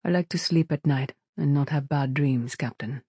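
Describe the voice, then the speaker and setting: A man voicing a gentle, soft-spoken male crew member in an audiobook. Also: a little high, fairly quick, no echo, clean studio sound, lightly acted. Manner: gentle, kindly. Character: kind, soft-spoken male ship doctor.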